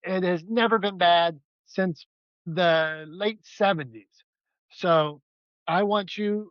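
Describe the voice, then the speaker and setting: Podcast co-host, a man with a high voice and a joking, self-mocking manner; dry, slightly muffled audio. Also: no room sound. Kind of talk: casual podcast banter.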